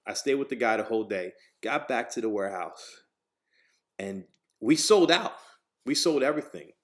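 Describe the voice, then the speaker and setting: A podcast host from New Jersey, USA, speaks in a mid-range voice at a moderate pace. He tells a story in casual, profane, animated talk, acting out the voices of the people in it.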